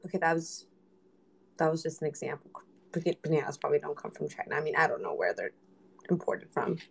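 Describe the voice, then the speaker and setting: A woman's voice: low voice, lively intonation, fast talker, vocal fry, breathy edge. A young woman chatting casually on a livestream, rambling and joking with her viewers. She teases people in a playful way and drops Spanish slang between her English phrases. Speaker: livestream host.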